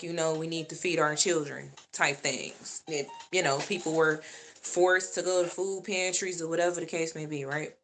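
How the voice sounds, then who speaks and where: A woman's voice: deep voice, fairly bright tone. A woman vlogger in a casual monologue, talking straight to her viewers and repeating points for emphasis.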